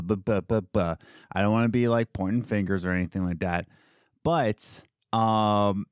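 A man's voice: lowish voice, no room sound, studio quality. A young man, a coffee shop worker, venting in casual chat, rambling and exasperated, mocking the people he quotes.

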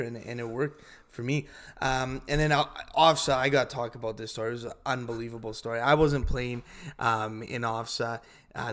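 A young man hosting a podcast, chatting casually and telling stories in an animated way. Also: medium pitch. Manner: animated storytelling with laughs. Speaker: podcast host. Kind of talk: casual interview chat.

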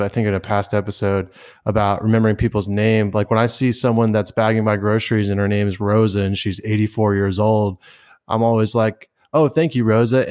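Casting: man, lowish voice, easygoing, musing, chatty podcast host. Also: darkish tone. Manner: reflective, rambling, says dude a lot. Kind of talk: casual chat.

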